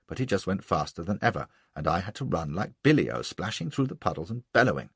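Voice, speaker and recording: Husky, lively male audiobook narrator. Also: low voice, fast talker, dry recording. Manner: brash, boastful and lively. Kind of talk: first-person novel narration.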